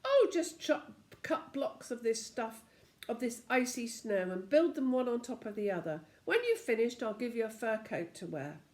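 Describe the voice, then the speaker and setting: A pompous snowman king who orders everyone about in a soft, snowy voice, as a grandmother puts him on. He sounds a touch higher and louder than her reading voice, with a lively, swinging pitch. This is storybook reading for children. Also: normal speed. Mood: bossy. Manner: commanding, self-satisfied.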